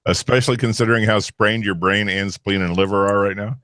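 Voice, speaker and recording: A man co-hosting a casual podcast, reading out quiz questions in an animated way, swearing and laughing often. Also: fairly low pitch, a little fast, heavy background noise. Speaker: co-host running a quiz. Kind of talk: casual banter.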